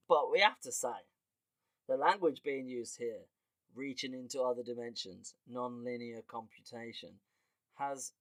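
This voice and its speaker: Animated, swearing podcast host man. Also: mid-range voice, measured pace, dry recording. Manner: animated, laughs often, swears casually. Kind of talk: casual comedic monologue.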